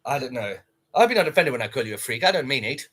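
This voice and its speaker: A man's voice: medium pitch, big pitch swings, racing, a bit bright, slightly rough. A man casually chatting on a livestream, reacting to viewer comments in a blunt, sweary way. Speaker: livestreamer reading chat.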